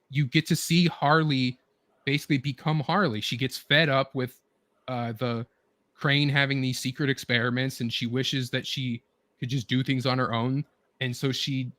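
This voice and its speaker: A man of middle pitch chats with friends in a loose, rambling way, stacking fillers and false starts as he piles on details. His voice sits close to the mic with a dry, roomless sound. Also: sharp tone, dry recording. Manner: rambling, filler-heavy, eager retelling. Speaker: show host. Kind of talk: casual chat with friends.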